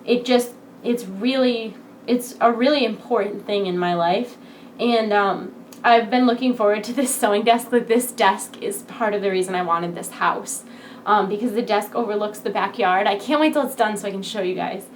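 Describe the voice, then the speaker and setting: A woman's voice: mid-range voice, moderate pace, a little hiss or hum. A woman in her twenties chatting casually to camera from home, full of filler words. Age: 20s. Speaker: vlogger. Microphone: computer desk setup.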